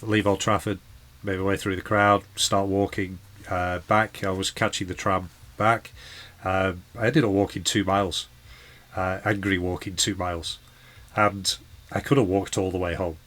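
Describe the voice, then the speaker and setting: A man's voice: deep voice, fairly bright tone. A man talking in a post-match vlog, earnest and frustrated, going over the game with heartfelt repetition. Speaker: football fan vlogger.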